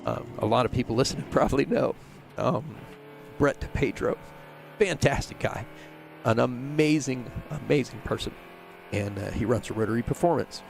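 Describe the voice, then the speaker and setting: Gravelly middle-aged man telling a story. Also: medium pitch, a little hiss or hum. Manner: rambling, full of fillers and restarts. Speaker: race team owner, interview guest. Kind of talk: casual storytelling interview.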